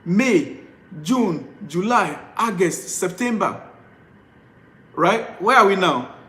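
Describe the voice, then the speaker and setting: Male fan vlogger, high-pitched, ranting live and pleading over and over, recorded in an echoey room. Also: animated, takes it slowly, fairly bright tone. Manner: exasperated, repetitive pleading. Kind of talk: live-stream rant.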